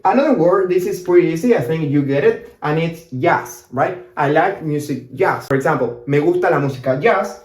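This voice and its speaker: A man from Argentina with an Argentine Spanish accent, teaching a language lesson and slowly demonstrating how words are pronounced. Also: a little high, animated, darkish tone, echoey room. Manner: demonstrates pronunciations slowly, then explains quickly.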